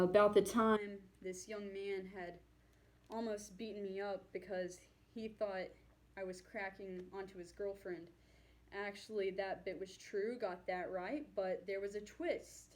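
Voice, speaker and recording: A woman's voice: mid-range voice, steady tone, a little slow, darkish tone. A woman performing a stand-up comedy set on stage, with a dry, self-deprecating delivery. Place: on stage before an audience.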